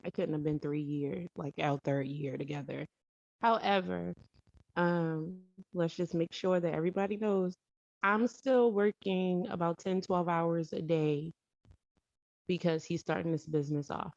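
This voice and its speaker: A storytelling vlogger speaks in a fairly low, creaky, slightly mellow voice, a little slow, recounting a personal story. She rambles, corrects herself, and inserts emphatic asides, and the dull lo-fi recording is dry with no room sound.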